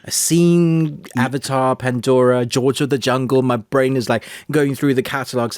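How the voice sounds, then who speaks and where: A man from Britain co-hosting a casual movie review podcast, animated and laughing often as he acts out his reactions. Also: medium pitch, normal speed, few pauses, dry recording. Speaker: podcast co-host.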